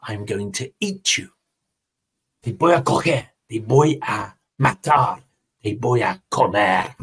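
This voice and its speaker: A man voicing a big fierce male jaguar in a told story, muttering slow, low threats. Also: expressive, a bit bright, breathy edge, full character voice. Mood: menacing. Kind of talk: storytelling in a language lesson.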